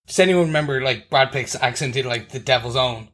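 Animated man chatting about a film. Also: medium pitch, brisk, hardly any pauses. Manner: animated, emphatic, rambling. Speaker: podcast co-host. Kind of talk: casual movie review chat.

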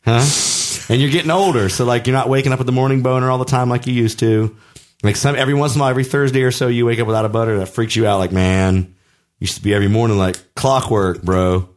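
A man's voice: mid-range voice, very fast. A middle-aged man co-hosting a podcast, teasing his friend in crude, profane casual chat and rambling with frequent restarts. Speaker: podcast co-host.

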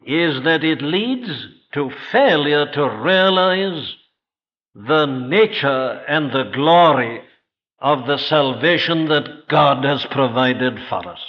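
In this old, dull lo-fi sermon recording, a man with a somewhat high voice preaches at an evening church service. He speaks earnestly and rhetorically, addressing questions straight to the congregation and slowing down to stress important phrases.

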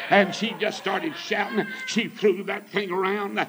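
A man's voice: high voice, fairly even intonation, measured pace, hardly any pauses, a bit bright, low-quality recording. A man preaching a sermon in a folksy, fervent storytelling manner.

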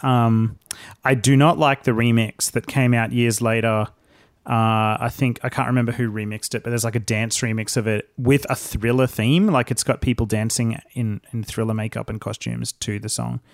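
A man speaking as a podcast guest in relaxed casual chat, with quick bursts. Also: mid-range voice, no echo, clean studio sound.

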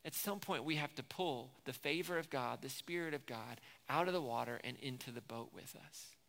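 A man preaches a sermon with a bright, forceful voice that carries a gravelly edge. He retells movie scenes with growing intensity. His voice rings out through a long church reverb. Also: mid-range voice, normal speed. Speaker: pastor.

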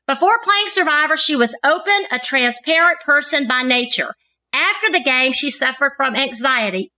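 A woman with a high, bright voice reads a prepared introduction for a podcast guest. She lands each trait in the list with deliberate emphasis. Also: low-quality recording. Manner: measured, emphatic reading of lists of traits. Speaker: co-host. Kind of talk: scripted narrated introduction.

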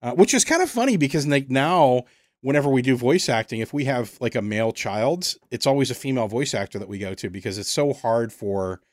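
A man interviewing a voice actor, asking relaxed, curious questions in casual chat. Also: mid-range voice, a little fast, no echo, clean studio sound.

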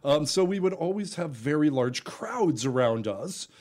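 A man's voice: on the high side, expressive, measured pace, a little mellow. A man who is a juggler and podcast guest, telling a story in casual conversation with lots of laughter, fillers and restarts.

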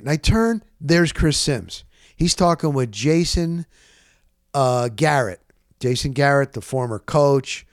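A man's voice: a little high, dry recording, studio quality. Chatty New man spinning anecdotes. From New Jersey. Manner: rambling, animated anecdotes with self-corrections and quoted dialogue. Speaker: podcast host. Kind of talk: casual storytelling.

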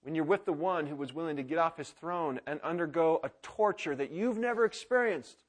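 A man in his thirties preaching a sermon as pastor, swinging from loud exclamations to quiet prayer. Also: a little high, brisk.

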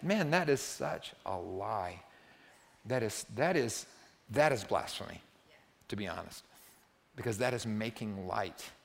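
A man's voice: on the low side, creaky. A man in his sixties preaching a conversational sermon as pastor, often adding "right?" and building to emphatic peaks. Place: church sanctuary. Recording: long reverb of a church hall.

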